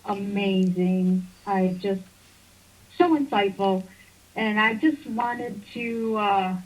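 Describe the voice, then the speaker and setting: A woman's voice: medium pitch, takes it slowly, rough recording. A woman calling in to a radio show, eager and gushing. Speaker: caller. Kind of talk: call-in conversation.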